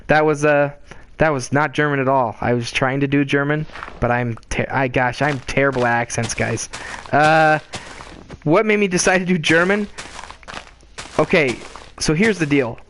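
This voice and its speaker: A man game master chatting casually while answering live questions, rambling with many restarts and quick chuckles. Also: mid-range voice, clean tone.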